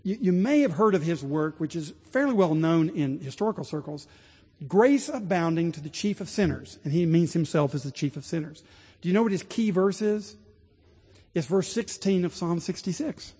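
A pastor preaching a sermon to his congregation in a large church, building to emphatic points and dropping to a hushed prayer. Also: fairly high pitch, animated, normal speed, breathy edge. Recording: long hall reverb.

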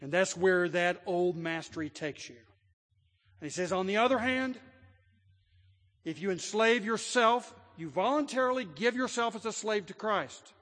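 A man preaching a sermon with a notably high voice. His delivery moves from quiet storytelling to emphatic declarations. A long reverb from a large hall trails behind every phrase. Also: normal speed. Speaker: pastor.

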